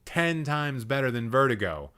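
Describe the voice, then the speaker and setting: A man's voice: medium pitch, very animated, moderate pace, pushed and bright, clear, resonant tone. A young man hosting a live stream, roasting a viewer's film ratings with exasperated, sarcastic commentary and plenty of swearing. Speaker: livestream host.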